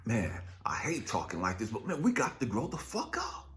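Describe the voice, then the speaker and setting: A man preaching an impassioned spiritual pep talk as a life coach, profane and confrontational, firing rhetorical questions and dropping from shouted rants to low muttering. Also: wildly swooping pitch, normal speed. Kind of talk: impassioned motivational preaching monologue.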